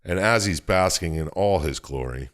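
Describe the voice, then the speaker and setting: Very deep-voiced man, profane storyteller. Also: lively intonation, moderate pace, a bit bright. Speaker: podcast co-host. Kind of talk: casual chat, recapping a game plot.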